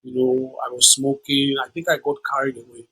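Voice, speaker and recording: A man's voice: mid-range voice, fairly quick, husky, low-quality recording. A man, telling stories as a guest in an interview and acting out the people he quotes. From Nigeria. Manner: animated storyteller who acts out the people he quotes. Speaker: guest musician. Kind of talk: storytelling interview.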